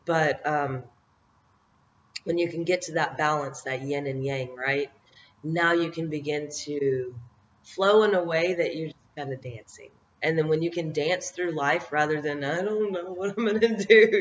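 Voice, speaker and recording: A woman's voice: low-pitched, a bit bright. Reflective middle-aged woman, dull lo-fi audio. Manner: reflective, meandering, often laughing at herself. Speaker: vlogger giving life encouragement. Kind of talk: motivational talk to camera.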